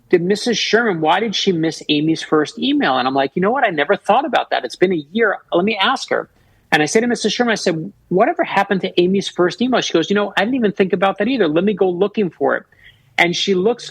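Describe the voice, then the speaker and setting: A man with a gravelly, slightly husky voice tells a story on a talk show. He talks in animated bursts with quick restarts. His studio mic sounds dry and close. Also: sits high, no room sound, rough recording. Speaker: guest author.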